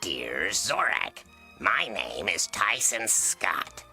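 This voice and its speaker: A low, sneering cartoon mantis. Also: male voice, extremely slow, creaky, soft background music, exaggerated voice. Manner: dry, sneering, deadpan. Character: sarcastic grumpy male mantis. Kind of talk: TV cartoon voice acting.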